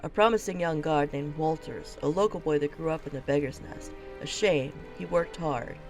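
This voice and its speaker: A woman's voice: sits low, moderate pace, faint music behind. A woman reading the part of a weary, blunt male gate captain in a fantasy video game, speaking in a curt and dismissive way. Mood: gruff.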